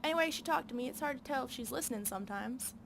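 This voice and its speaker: A woman voicing an earnest backwoods woman with a soft Southern drawl, reading game dialogue aloud. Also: high voice, animated, racing, vocal fry, noisy background.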